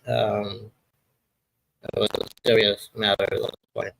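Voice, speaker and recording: A man's voice: lowish voice, level tone, a little slow, vocal fry, fairly bright tone, poor audio. A man in his sixties hosting a casual live chat, rambling and often losing his train of thought. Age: 60s. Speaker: livestream host.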